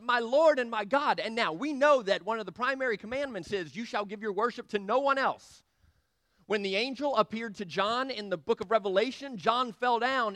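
A man with a high voice delivers a sermon, quoting scripture and acting out both sides of conversations in an animated way. The sound is dry and close, with no room echo. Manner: animated, quotes scripture and acts out dialogue. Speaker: preacher.

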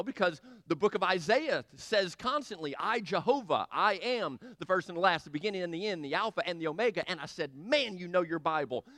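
A man preaching a sermon, quoting scripture and acting out conversations with lively, animated delivery. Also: sits high, dry recording, clean studio sound. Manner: animated, quotes scripture and acts out dialogue.

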